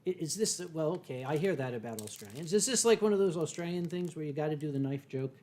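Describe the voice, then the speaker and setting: A man's voice: a little high, expressive, fast talker, warm tone. An older American man hosting a casual livestream, rambling and joking with lots of fillers and restarts. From United States. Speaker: livestream host. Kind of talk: casual chat while drinking wine.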